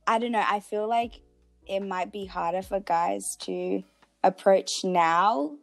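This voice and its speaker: A woman's voice: medium pitch, slow pace, no room sound, soft background music. A young Australian woman co-hosting a podcast, chatting casually with frequent giggles and acted-out quotes. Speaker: podcast co-host. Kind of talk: casual chat.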